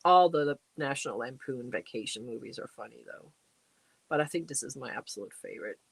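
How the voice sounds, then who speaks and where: A woman's voice: a bass voice, lively intonation, a little fast, creaky, slightly rough, dry recording. A middle-aged woman hosting a casual livestream, chatting away and reading out and answering viewer comments. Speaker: livestream host. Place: home crafting space.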